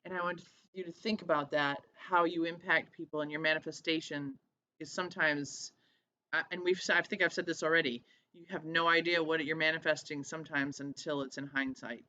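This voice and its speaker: Bright-voiced chatty woman vlogging. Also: low-pitched, fairly even intonation, a little fast, a little hiss or hum. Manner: chatty, laughs often, acts out quotes. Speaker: vlog host. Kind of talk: casual diary vlog.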